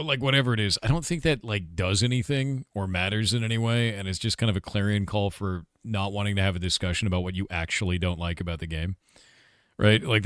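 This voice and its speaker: A man's voice: on the low side, fairly bright tone, no echo, studio quality. A man who is a game developer, chatting casually on a livestream Q&A, blunt and profane, with lots of filler words.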